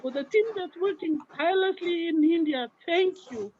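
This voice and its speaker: Over a lo-fi online call, a team member from Papua New Guinea, middle-aged, tells her personal testimony with heartfelt, fervently religious earnestness. Her very high-pitched voice is a little mellow, at a moderate pace.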